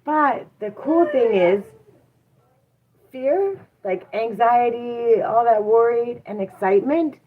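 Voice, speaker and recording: A woman's voice: a little high, lively intonation, takes it slowly. A woman hosting a casual motivational talk, encouraging listeners and asking them rhetorical questions. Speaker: host. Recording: tinny phone-like sound.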